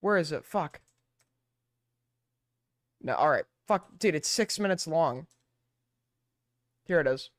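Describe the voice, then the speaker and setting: A man's voice: fairly high pitch, lively intonation, takes it slowly, pauses often, dry recording, studio quality. A man ranting through a live stream commentary, exasperated and full of swearing.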